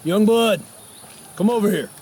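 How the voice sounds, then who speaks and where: A man's voice: high voice, unhurried, background noise. An actor playing a protective, hot-tempered trucker who talks to the player in a fatherly, familiar way, from a video game. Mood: friendly. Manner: fatherly, calls the player young blood. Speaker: game character. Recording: game audio with music behind.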